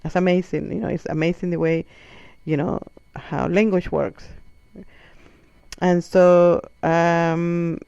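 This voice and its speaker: A man's voice: fairly high pitch, slow, gravelly, clear, resonant tone, no room sound, lo-fi sound. A man whose first language is not English, telling profane comic stories and acting out the voices of people in them. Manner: animated, profane, acts out quoted voices. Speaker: comedian. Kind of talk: comic storytelling monologue.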